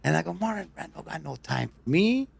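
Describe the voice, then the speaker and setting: A man's voice: a little high, expressive, fairly quick, gravelly, slightly rough. A man in casual podcast chat who stumbles and repeats words as he tells a story. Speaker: guest.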